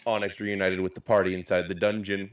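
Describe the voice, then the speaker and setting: A man's voice: sits low, flat delivery, fast. A man narrating as game master in a casual, rambling way, swearing offhandedly. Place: live-streamed game session.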